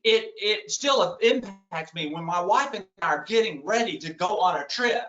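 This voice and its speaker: A man's voice: high voice, animated, normal speed, bright, forceful tone, echoey room, lo-fi sound. A man giving a keynote talk, telling a humorous story with self-deprecating asides to his audience. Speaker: keynote speaker.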